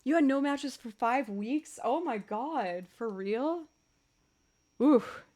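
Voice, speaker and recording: A young adult woman, a livestreaming musician, chatting casually with viewers and telling animated stories with laughs. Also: sits high, takes it slowly. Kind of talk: casual chat with stream viewers.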